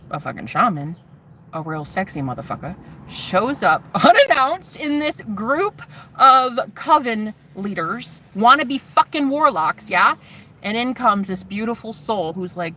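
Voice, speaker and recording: A woman's voice: fairly high pitch, pushed and bright, slight background noise. A woman vlogger telling a story, sassy and profane, acting out the voices of other people. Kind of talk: animated storytelling monologue.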